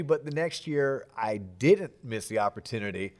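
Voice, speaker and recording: A man's voice: medium pitch, sing-song, normal speed. A middle-aged man hosting a podcast, chatting casually and animatedly with self-deprecating jokes. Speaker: podcast host. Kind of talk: casual interview chat.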